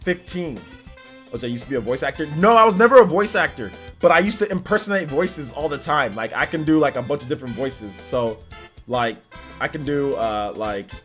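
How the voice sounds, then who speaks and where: A man with a deep voice, hosting a gaming livestream in a laid-back, slangy, rambling way. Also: lively intonation, fairly quick, a bit bright, faint music behind. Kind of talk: casual livestream chat.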